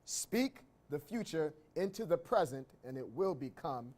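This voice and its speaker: A man's voice: on the high side, animated, measured pace, a little mellow. A man giving an emphatic motivational talk on stage, telling the audience what to write and repeating key phrases. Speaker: motivational speaker. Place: event stage.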